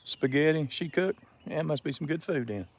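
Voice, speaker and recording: A man hosts a relaxed live stream outdoors by a river and keeps up a steady chat with his viewers, greeting them one by one. His voice sits a bit high for a man and has a gravelly, creaky texture. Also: a little fast. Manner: chatty, greets viewers by name.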